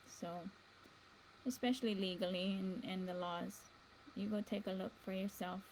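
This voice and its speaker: A woman's voice: mid-range voice, fairly even intonation, moderate pace, a little mellow, a little hiss or hum, low-quality recording. A woman hosting a show in a meandering casual monologue, chuckling between thoughts. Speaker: livestream show host.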